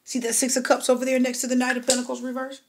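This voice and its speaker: A woman's voice: sits high, monotone, very fast, a little hiss or hum. A woman giving a personal tarot reading, talking straight to the client, repeating her points and checking in with "okay?". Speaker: tarot reader.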